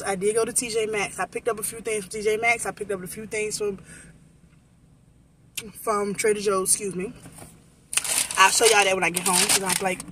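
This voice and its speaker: A woman's voice: mid-range voice, heavy background noise. Woman vlogger, casual and blunt, swears freely, talks to viewers as y'all, phone mic. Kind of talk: casual vlog chat.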